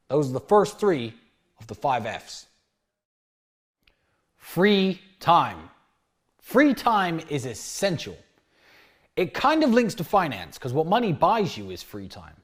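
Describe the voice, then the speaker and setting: A man in his thirties giving a brash, animated dating lecture, often acting out bits of dialogue. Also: fairly high pitch. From United Kingdom. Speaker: dating coach. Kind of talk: lecture-style monologue.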